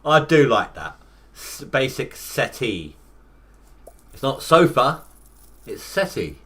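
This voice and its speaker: A man's voice: mid-range voice, sing-song, slow pace, pushed and bright, breathy edge. A man in his thirties, rambling through casual live gameplay commentary with self-mocking asides. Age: 30s. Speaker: gaming livestreamer.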